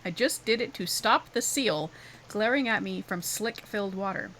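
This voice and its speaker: A woman's voice: mid-range voice, moderate pace, a bit bright, a little hiss or hum, lightly acted, low-quality recording. A woman reading the lines of a blunt, stubborn old male boatman in a game. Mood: gruff.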